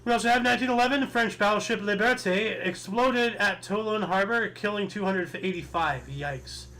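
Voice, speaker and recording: A man's voice: sits high, moderate pace, pushed and bright, low-quality recording. A young man co-hosting a history podcast, reading dates with small stumbles and joking casually. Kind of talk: casual chat.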